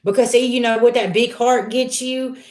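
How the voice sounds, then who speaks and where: A woman's voice: fairly high pitch, steady tone, normal speed, darkish tone, echoey room. A middle-aged woman talking candidly and from the heart to her livestream viewers as a tarot reader, streetwise and swearing freely. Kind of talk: casual live-stream talk to viewers.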